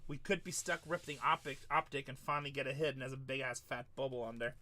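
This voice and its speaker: A man's voice: mid-range voice, level tone, quick pace, pushed and bright, a little hiss or hum. A man hosting a live card-break stream, chatting and bantering with viewers as he opens packs. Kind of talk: casual live-stream chat.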